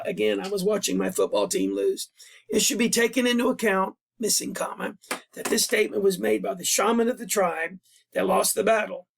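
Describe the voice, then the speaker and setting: A middle-aged male history teacher talks through an essay assignment in a recorded lesson, his voice hoarse and worn out. The tone is high and gravelly, with a lot of fry. He explains patiently and slips in casual asides. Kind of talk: recorded classroom lesson over a screen. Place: at a computer, voice-over.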